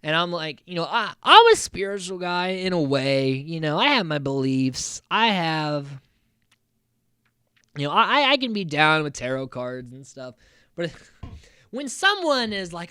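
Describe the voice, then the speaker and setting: In this clean, dry studio recording, a man from the United States hosts a podcast and loosely recaps a reality show. His voice sits a little high and moves at a measured pace with a clean tone. Animated and full of fillers, he swears freely and performs the cast's lines.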